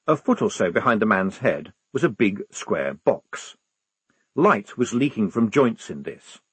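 A man narrating an audiobook with an expressive, varied delivery. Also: lowish voice, slightly rough, no room sound. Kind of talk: scripted narration.

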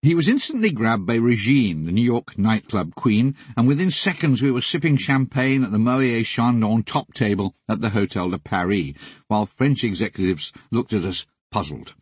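Brief: husky older man, dry close recording, lively wry memoir delivery. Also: mid-range voice, moderate pace, no echo. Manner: wry, deadpan comic storytelling. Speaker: memoir narrator. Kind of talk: audiobook memoir narration.

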